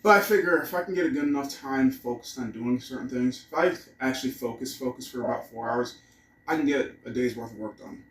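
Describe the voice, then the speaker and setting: A man's voice: mid-range voice, a little fast, roomy sound, recorded from a distance, rough recording. A man vlogging casually at home, rambling and cursing as he muses aloud. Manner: rambling, profane, musing aloud. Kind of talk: casual vlog monologue. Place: room at home.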